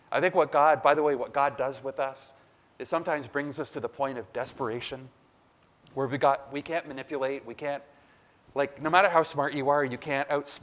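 A man's voice: on the high side, a bit bright. A man preaching a sermon as a pastor, talking casually and building to emphatic bursts.

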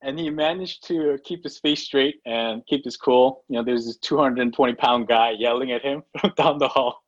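A pastor telling a self-mocking story in a sermon, with many fillers and restarts. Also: male voice, mid-range voice, normal speed, no echo. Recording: dull lo-fi recording.

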